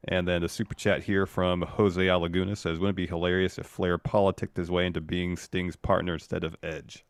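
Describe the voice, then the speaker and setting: Deep-voiced man recapping matches. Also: a little fast, clean tone, no echo, studio quality. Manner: steady play-by-play recapping. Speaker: podcast co-host. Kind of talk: casual wrestling recap.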